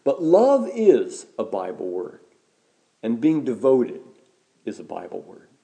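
A male pastor delivering a sermon with a mellow, warm tone. His pitch sits a little high and moves a lot, rising and falling as he makes his points. He preaches in a measured way and slows right down on the words he wants to land.

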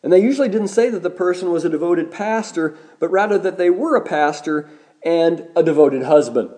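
A man preaching a sermon as a pastor, measured and deliberate, slowing down to stress key words. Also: a little high, dark tone.

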